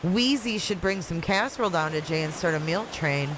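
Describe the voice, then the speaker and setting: Brisk and expressive, with hardly any pauses, the host's lowish voice runs through viewer comments one after another on her casual livestream. The Michigan-accented woman is riding out a hurricane at home in Florida, and background noise can be heard.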